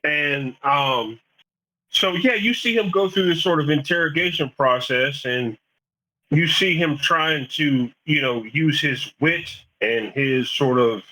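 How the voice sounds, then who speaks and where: A man in casual chat reviewing a show, an animated storyteller who acts out quotes, with frequent restarts. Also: a little high, slow, rough recording. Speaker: podcast co-host.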